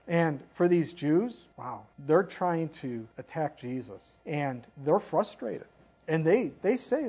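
Husky woman preaching a sermon. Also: sits low, animated, unhurried, mellow. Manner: conversational, rhetorical questions, reads scripture aloud. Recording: dull lo-fi recording.

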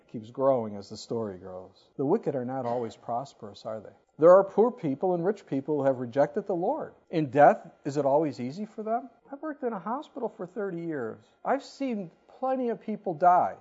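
A preacher in their fifties giving an animated, conversational sermon full of rhetorical questions. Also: medium pitch, slightly rough. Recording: dull lo-fi recording.

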